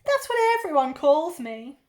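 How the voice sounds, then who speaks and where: A woman voicing a loud, effusive middle-aged aunt, high and booming. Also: very animated, a little slow. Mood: gushing. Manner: effusive, overfamiliar.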